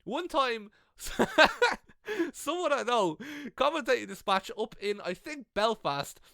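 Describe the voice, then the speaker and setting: A young Irish man giving comedic, sweary advice about wrestling commentary in an animated vlog, speaking into a gaming headset. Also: extremely high pitch, slow pace, creaky, no echo, studio quality. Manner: animated, sweary, self-mocking.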